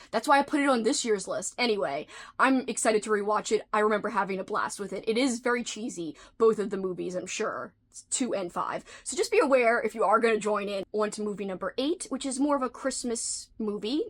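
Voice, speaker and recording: A woman hosting a casual vlog, chatting in a playful, talkative way and slipping into whispered asides now and then. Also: a little high. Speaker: video host.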